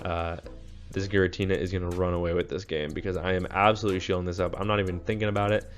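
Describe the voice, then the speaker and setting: Man, very low voice, casual game commentary, tired, lots of ums, faint music behind. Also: fast. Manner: tired, relaxed, many ums and fillers.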